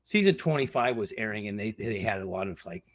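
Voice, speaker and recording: Lively storytelling man, dry sound. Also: on the low side, fast, no echo. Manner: lively, acts out other people's lines with laughter. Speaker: guest, former reality show contestant. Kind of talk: casual storytelling chat.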